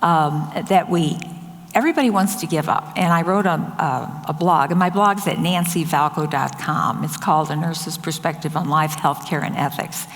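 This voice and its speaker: An older woman with a somewhat low voice tells stories from her years as a nurse, slipping into the voices of the people she quotes. Her talk rings with the long reverb of a large hall. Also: moderate pace. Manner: anecdotal, quotes others in lively voices. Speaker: nurse and speaker. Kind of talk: storytelling talk.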